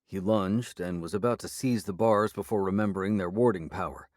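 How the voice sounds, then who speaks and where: A man narrating an urban fantasy audiobook in the first person, measured and steady. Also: deep voice, no echo, studio quality.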